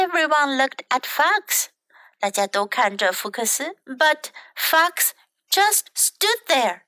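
Woman teacher, high and bright, slow expressive storybook read-aloud for kids; dry close mic. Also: dry recording. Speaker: English teacher reading aloud. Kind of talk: bilingual storybook reading for children.

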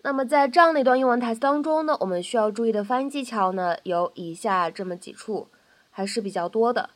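A woman's voice: a little high, fast. A woman narrating a pronunciation lesson, patiently explaining each point and saying each example phrase three times over. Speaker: English pronunciation teacher.

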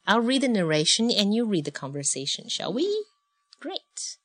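A woman's voice: medium pitch, big pitch swings, moderate pace, a bit bright, dry recording. A woman reading a picture book aloud with a child, patiently explaining and asking questions as they go. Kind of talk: read-along storybook lesson.

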